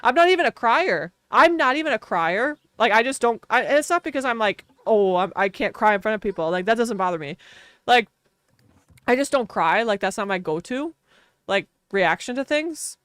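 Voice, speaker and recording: A woman's voice: mid-range voice, animated, normal speed, a bit bright, smooth, no room sound, studio quality. A woman streamer telling a long casual story while gaming, chatty and full of fillers, laughing often.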